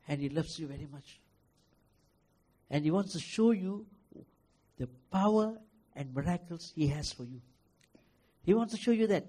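A male pastor preaching a sermon, emphatic and repetitive, swinging from loud declarations to soft, hushed lines. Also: sits high, husky.

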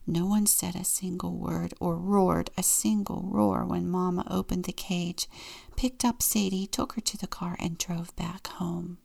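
Woman reading a kids book slow and gentle, gravelly edge. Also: lowish voice, fairly even intonation. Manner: gentle, unhurried storytelling. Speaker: deacon reading a children's book. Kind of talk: storybook read-aloud.

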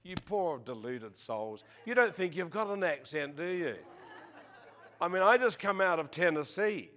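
An Australian man preaching a sermon, joking with the congregation and crying out praises, reading scripture slowly and with emphasis. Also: high-pitched, lively intonation, a bit bright. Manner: jokey, peppered with exclamations of praise. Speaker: visiting preacher.

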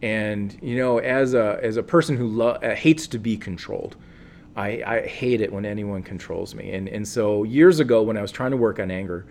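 A man, a counselor, answering interview questions in a calm, earnest and reflective way, with many fillers and restarts. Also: fairly low pitch, slight background noise. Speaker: guest, counselor.

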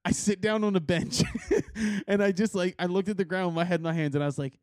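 High-voiced man telling a rowdy story. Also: fairly even intonation, quick pace, darkish tone, no room sound, clean studio sound. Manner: laughing often, slangy and rambling. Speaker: podcast host. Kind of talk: casual storytelling chat. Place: podcast recording.

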